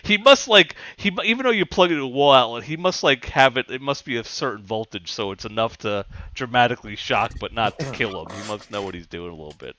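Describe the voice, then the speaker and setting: A man's voice: mid-range voice, expressive, fast talker, hardly any pauses, bright, forceful tone. A man hosting a podcast, telling rambling, crude stories with frequent laughter. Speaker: podcast host. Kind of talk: casual chat.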